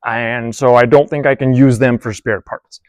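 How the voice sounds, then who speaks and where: A man's voice: mid-range voice, fairly even intonation, moderate pace, darkish tone, no room sound. A man narrating casually as he takes a tractor apart in his workshop, thinking aloud and poking fun at himself. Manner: thinking aloud, self-deprecating, bursts of amused laughter. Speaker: hobby mechanic vlogger.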